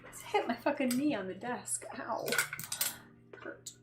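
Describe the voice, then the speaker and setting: A woman's voice: on the high side, expressive, measured pace. A woman chatting casually on a livestream while she works, rambling and swearing when frustrated. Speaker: fashion designer. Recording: echoey room with background noise.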